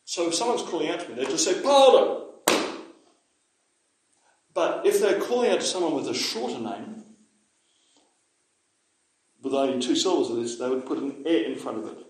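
A man's voice: a little high, animated, fairly quick, pauses often. A man teaching a Māori language lesson to a class, chatty, explaining with asides and checking that his listeners follow. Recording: very echoey room.

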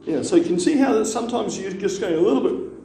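Man, language teacher, patient, repeats words for the class, mellow tone, far-off mic, echoey room, faint hum. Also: sits high, expressive, quick pace.

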